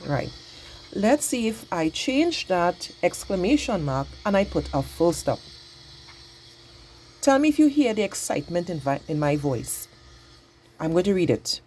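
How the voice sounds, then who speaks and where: A woman teaching a patient, exaggerated grammar lesson to young children, speaking slowly and clearly. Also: sits low, a little mellow.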